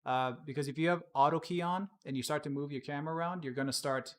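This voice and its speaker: A man casually explaining his work on a live-streamed software tutorial, chatting and laughing at his own slips. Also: fairly high pitch, fairly even intonation, fast talker. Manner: casual, laughs often, self-deprecating.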